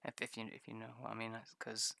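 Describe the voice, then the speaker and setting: Casual streamer, bright voice, dry close sound, loose rambling chat with plenty of swearing. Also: medium pitch, completely flat delivery, quick pace, vocal fry, no room sound. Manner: rambling, self-mocking, swears freely; laughs often. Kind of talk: casual livestream chat while drawing maps.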